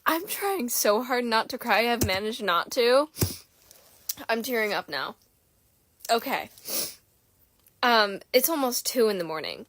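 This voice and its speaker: A woman's voice: on the high side, expressive, a little slow, long pauses, fairly bright tone. A woman in a late-night casual vlog, rambling emotionally and swearing freely into her phone camera. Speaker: content creator.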